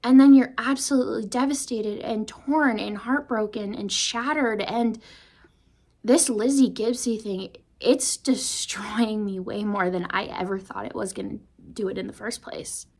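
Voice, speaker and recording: A woman's voice: medium pitch, steady tone, a little slow, darkish tone. A young woman vlogger talking through a book she is reading, emotional and full of restarts, sometimes dropping into a whisper. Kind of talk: casual book discussion.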